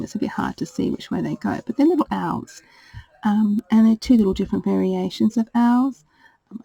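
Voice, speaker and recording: Gravelly, husky woman gushing over crafts. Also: medium pitch, dry recording, rough recording. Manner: gentle and gushing, fond of "little". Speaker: crafter showing her purchases. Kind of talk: casual show-and-tell haul.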